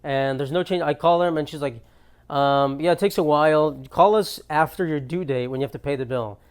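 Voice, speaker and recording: A man's voice: fairly high pitch, a little fast, smooth. Ranting young man comedy monologue. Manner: ranting, exasperated, profane storytelling. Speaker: comedian podcast host. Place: apartment.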